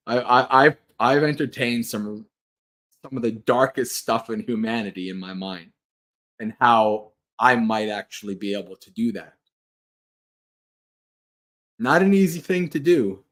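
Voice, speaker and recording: A man's voice: fairly low pitch, fairly bright tone. A man who is a Buddhist monk, hosting a livestream and giving a casual Dharma talk, earnest and rambling, restarting his sentences and laughing lightly.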